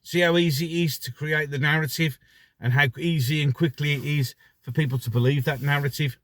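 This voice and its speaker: A man's voice: on the high side, steady tone, fairly quick, fairly bright tone, no echo. A middle-aged man giving a sarcastic ranting commentary full of rhetorical questions. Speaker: vlogger.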